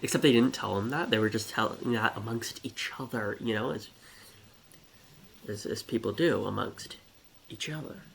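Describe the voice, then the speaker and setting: A man's voice: fairly low pitch, moderate pace, vocal fry, fairly bright tone, slight background noise. A man telling a rambling, comedic story in a scatterbrained way, with giggles and many restarts.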